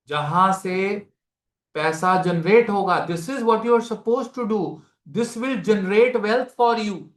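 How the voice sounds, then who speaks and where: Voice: mid-range voice, moderate pace, a bit bright. Echoey Indian-accented astrology teacher, repetitive. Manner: explanatory, repeats key phrases, mixes Hindi into English; addresses students directly with questions. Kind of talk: live masterclass lecture. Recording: echoey room.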